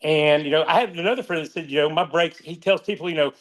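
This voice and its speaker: A man's voice: on the high side, fast talker, hardly any pauses, a bit bright. A middle-aged man, author and podcast guest, talking candidly and rambling with frequent restarts. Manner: rambling, restarts often, emotional about friends. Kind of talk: candid conversational interview.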